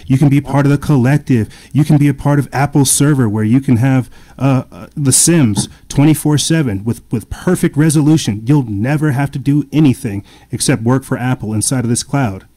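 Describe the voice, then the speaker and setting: A man's voice: mid-range voice, brisk, hardly any pauses, dark tone. A man in casual podcast chat, talking in long rambling runs full of fillers and restarts.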